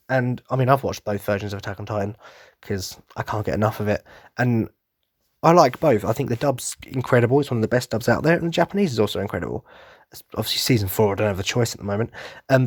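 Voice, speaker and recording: A man's voice: lowish voice, no echo, studio quality. A man hosting a podcast, chatting with rambling enthusiasm and casual swearing. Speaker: podcast host.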